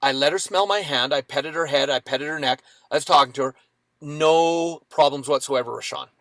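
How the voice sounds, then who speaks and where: A man in his fifties telling a dramatic personal story as a podcast guest, with lively acted-out quotes. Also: on the high side, normal speed, dry recording.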